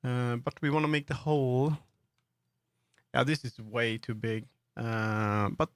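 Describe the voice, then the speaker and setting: Slow rambling Swedish-accented man. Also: mid-range voice, level tone, clear, resonant tone, dry recording, studio quality. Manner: rambling, many fillers and restarts. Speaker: streamer. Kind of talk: casual live-stream commentary while working in 3D.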